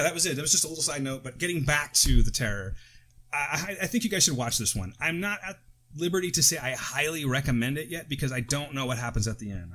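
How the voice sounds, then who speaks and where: A man's voice: medium pitch, sharp tone. An American man talking loosely on a podcast, drifting into tangents and correcting himself as he goes. He sits close to the mic, and now and then he coughs. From United States. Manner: rambling, with tangents and self-corrections. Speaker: podcast co-host. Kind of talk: casual chat.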